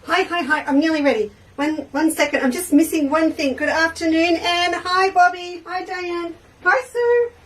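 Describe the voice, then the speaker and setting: A woman's voice: very high-pitched, fairly even intonation, normal speed, few pauses, fairly bright tone, distant mic, low-quality recording. A woman hosting a casual quilting livestream, chatty and bubbly, greeting viewers one by one by name. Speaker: livestream quilting show host.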